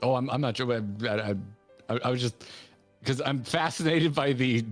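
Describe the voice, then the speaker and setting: A man's voice: mid-range voice, normal speed, faint music behind. Curious, hesitant co-host man. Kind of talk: casual stream chat.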